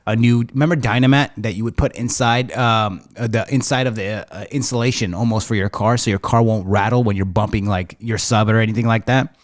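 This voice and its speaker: A man's voice: fairly low pitch, fairly even intonation, fairly quick, few pauses, no echo, studio quality. A man in his thirties hosting a podcast, telling rambling casual stories with lots of slang. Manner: rambling, slangy, says bro a lot. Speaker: podcast host. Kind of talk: casual storytelling chat.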